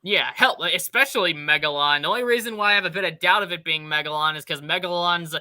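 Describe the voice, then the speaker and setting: A man's voice: on the high side, fast, bright, forceful tone, dry recording. A young man hosting a casual podcast chat, rambling enthusiastically and swearing casually. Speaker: podcast host.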